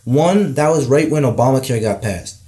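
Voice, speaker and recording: A young man chatting casually as a guest, quick and full of likes and fillers. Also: mid-range voice, expressive, dark tone, slight background noise. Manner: rapid, filler-laden, enthusiastic. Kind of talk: casual conversation.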